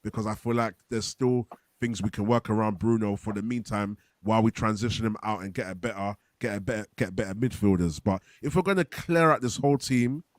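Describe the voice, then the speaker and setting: A man's voice: on the low side, fairly quick, no room sound, clean studio sound. A man hosting a casual football fan show, reading out viewer comments and giving his views. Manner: relaxed, reads viewer comments aloud. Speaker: football podcast host.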